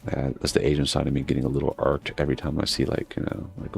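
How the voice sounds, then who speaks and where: A man's voice: rumbling low, completely flat delivery, fast talker, vocal fry, hardly any pauses, a little mellow, soft background music. A man chatting casually while he plays a game, meandering between stories and swearing freely. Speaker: gaming streamer. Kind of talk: casual rambling chat while playing.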